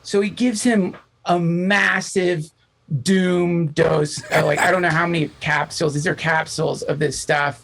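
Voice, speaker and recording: A man chatting as a podcast guest, his voice gravelly with fry. He tells his story in a loose, animated and profane way, putting on little voices for the people he quotes. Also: fairly high pitch, a little slow, slight background noise, rough recording. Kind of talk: casual storytelling chat.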